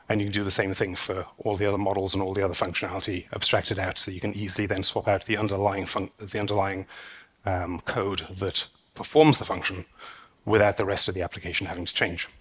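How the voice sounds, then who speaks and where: Husky-voiced man giving a conference talk. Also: low-pitched, level tone, quick pace, a bit bright. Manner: rambling, hesitant with many fillers and restarts. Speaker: conference speaker. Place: conference stage.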